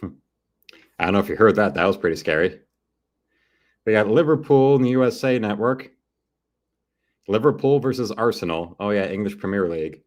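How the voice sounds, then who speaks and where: A man talks over a football broadcast on his live stream in a loose, rambling way. His voice sits on the low side, and he drifts between play calls and crude wisecracks. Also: lively intonation, fairly quick, long pauses. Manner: rambling, joking, crude asides. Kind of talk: casual live-stream commentary.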